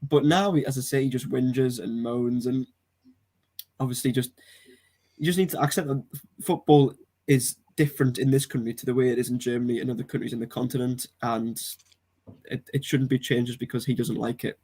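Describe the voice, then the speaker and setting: A man's voice: medium pitch, fairly even intonation, warm tone, husky. Earnest English man, podcast co-host. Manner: earnest, opinionated, slightly halting. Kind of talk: casual football podcast chat.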